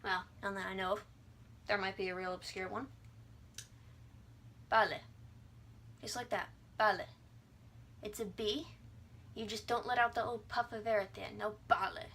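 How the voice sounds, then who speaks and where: A woman's voice: mid-range voice, fairly even intonation, a little fast, a bit bright. A young adult woman giving a casual video lesson, breezy and irreverent, sounding out vowels and words as she explains. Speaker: language teacher.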